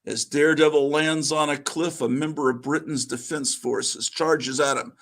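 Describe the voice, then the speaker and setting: A man's voice: on the high side, steady tone, normal speed, few pauses, fairly bright tone. A man reading a vintage comic book aloud in a casual way, stopping now and then for asides. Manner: reads along, breaking off for asides.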